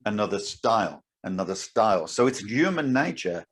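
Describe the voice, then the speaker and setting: A man's voice: fairly low pitch, very animated, moderate pace, a bit bright, husky. A man co-hosting a casual podcast, explaining martial arts techniques in a blunt, emphatic way. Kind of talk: casual chat.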